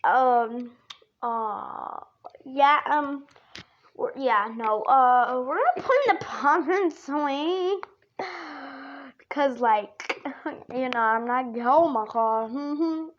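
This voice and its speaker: A woman's voice: sits high, drawn-out words, highs cut off. A woman chatting casually to her viewers in a playful, giggly way, full of jokey asides. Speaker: vlogger. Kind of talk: casual rambling chat to camera.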